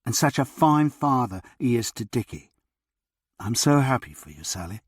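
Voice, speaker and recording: A man's voice: mid-range voice, big pitch swings, moderate pace, husky, dry recording, studio quality. A man voicing a grateful, self-effacing young housemaid who gushes. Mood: effusive.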